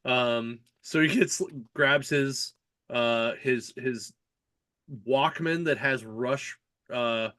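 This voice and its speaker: A man hosting a comics podcast in casual chat, retelling a story excitedly with lots of fillers and laughter. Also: mid-range voice, extremely slow, no echo.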